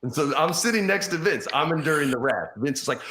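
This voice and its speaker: A man's voice: on the high side, fast talker, background noise. A man in his forties telling profane backstage stories in casual chat, acting out the other people's lines. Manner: animated, profane anecdotes, acts out others' lines. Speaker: podcast guest. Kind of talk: casual storytelling.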